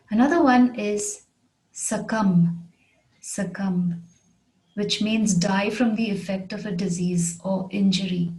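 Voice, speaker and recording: A woman's voice: mid-range voice, takes it slowly, a little mellow, poor audio. A woman teaching an English pronunciation lesson, spelling each word out letter by letter and repeating it. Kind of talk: slow scripted pronunciation lesson.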